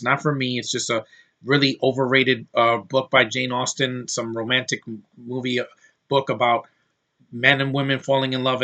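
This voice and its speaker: Bright-voiced man ranting bluntly. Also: medium pitch. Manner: blunt, scornful, swears casually. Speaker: movie reviewer. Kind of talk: casual ranting review.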